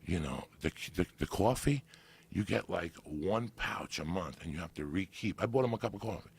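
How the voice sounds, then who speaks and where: Guy with a real low gravelly voice, swearing a lot, animated story on a podcast. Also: normal speed. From New Jersey. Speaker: podcast guest. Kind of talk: casual storytelling.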